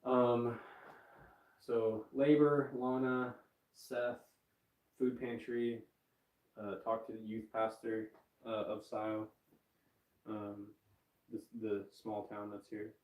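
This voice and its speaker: A man's voice: on the low side, flat delivery, slow pace, long pauses, a little mellow. A man chatting casually to his stream viewers, rambling with many fillers and laughing at himself. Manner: rambling, frequent fillers, self-mocking laughs. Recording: roomy echo, distant from mic.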